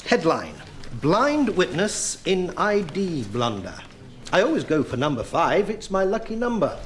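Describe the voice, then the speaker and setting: Dry lawyer, clipped, slightly high, lively voice. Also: male voice, a little slow, slight background noise. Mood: grave. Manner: dry, clipped, with showy foreign phrases. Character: worldly, droll defence barrister man. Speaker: barrister. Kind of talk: TV drama acting.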